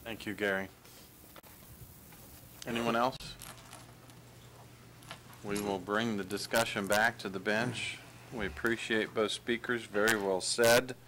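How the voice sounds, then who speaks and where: A man, the mayor, chairing a city council meeting and calling on speakers in a brisk, friendly way. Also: lowish voice, fairly even intonation, pushed and bright, slight background noise. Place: council chamber.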